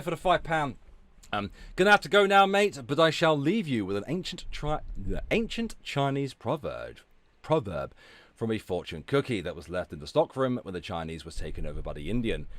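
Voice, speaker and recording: Reacting to clips on his livestream, a middle-aged Welsh host curses and swings from loud outbursts to quiet mutters. The recording is dry.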